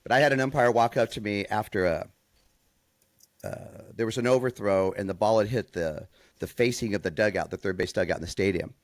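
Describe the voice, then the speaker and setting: A man co-hosting a podcast and chatting casually, a softball coach telling stories and acting out what people said. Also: on the low side, fairly quick, dry recording, clean studio sound. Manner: storytelling, calm, quotes people in voices.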